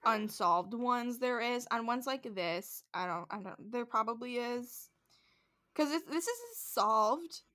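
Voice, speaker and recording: A woman's voice: a little high, expressive, takes it slowly, bright, forceful tone. A woman in casual podcast chat, recapping a show with lots of fillers and acted-out quotes. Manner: chatty, heavy use of "like", acts out quotes. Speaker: podcast co-host.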